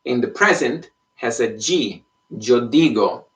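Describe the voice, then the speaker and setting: Patiently explaining an online Spanish lesson in English, a man keeps asking "okay?" to check understanding. He speaks slowly but animatedly in a mid-range voice, positioned somewhat far from the microphone.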